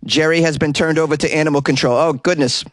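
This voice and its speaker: A man's voice: a little high, steady tone, fast, no echo. A man with a Boston accent hosting a comedy news podcast, rambling and joking through digressions. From Boston, USA. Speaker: podcast host. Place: small closet.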